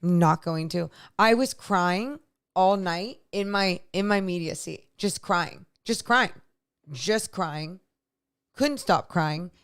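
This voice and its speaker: A woman's voice: fairly low pitch, slow, clean tone. A woman co-hosting a sports podcast, tired and close to tears, talking in a rambling, emotional way. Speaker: podcast co-host. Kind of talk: casual chat.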